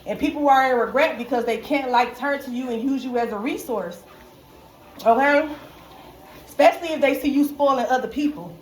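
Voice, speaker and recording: A woman with a fairly high voice gives a casual tarot reading to viewers. She is slangy and profane and keeps punctuating her points with "okay?" The recording sounds echoey, with faint noise in the background. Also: normal speed. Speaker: tarot reader.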